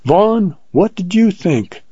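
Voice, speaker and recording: A man's voice: sits high, big pitch swings, slow, dark tone, slightly rough, dry recording, highs cut off, pitched above the performer's own voice, exaggerated voice. A man reading aloud, voicing a spirited, proud young woman who is impulsive and teasing. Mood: lively.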